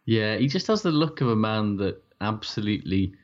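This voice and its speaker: A man co-hosting a podcast, easygoing and quick to laugh, using casual slang in relaxed chat. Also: lowish voice. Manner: easygoing, laughs often, says mate and bloke. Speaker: podcast co-host. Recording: dull lo-fi sound.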